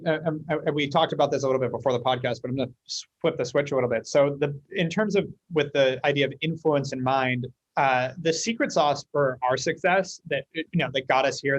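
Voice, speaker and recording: A man from the United States, a guest in a casual interview, telling stories quickly and acting out the dialogue. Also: fairly high pitch, no echo, lo-fi sound. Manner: fast, animated storyteller acting out dialogue. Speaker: guest, company leader.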